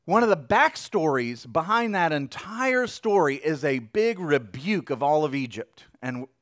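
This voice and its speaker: A young adult man preaching a sermon in a conversational way, repeating phrases and swinging between loud and hushed. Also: fairly high pitch, big pitch swings, measured pace, dry recording, clean studio sound. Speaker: pastor.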